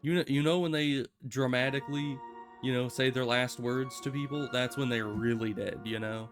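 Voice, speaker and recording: A man's voice: medium pitch, steady tone, moderate pace. Sarcastic man rambling over a game. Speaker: streamer. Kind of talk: casual gameplay commentary. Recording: guitar music behind.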